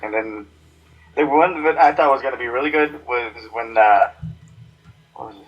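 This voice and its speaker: A man in casual podcast chat who talks hesitantly and repeats himself as he thinks. His pitch sits in a middle range. The recording is dull and lo-fi. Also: normal speed, slightly rough. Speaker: podcast co-host.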